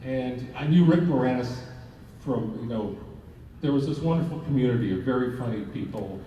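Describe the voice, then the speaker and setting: A man's voice: medium pitch, expressive, moderate pace, warm tone. An older man from Canada, a film director, telling rambling anecdotes on a convention panel and chuckling as he goes. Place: large convention hall, indoors. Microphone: phone camera in the audience. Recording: echoey hall, distant mic, dull and faint hiss.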